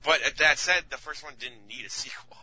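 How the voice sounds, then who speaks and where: Bright-voiced man chatting casually. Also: fairly high pitch, moderate pace, a little hiss or hum, poor audio. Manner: enthusiastic, casual and slangy. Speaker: podcast co-host. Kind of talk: casual chat.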